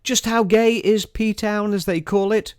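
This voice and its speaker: A man's voice: high-pitched, fairly even intonation, a little slow, clear, resonant tone, dry recording, clean studio sound. A man reading his own poem aloud, with mock-formal, provocative commentary around it. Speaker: poet. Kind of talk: spoken-word poetry reading with commentary.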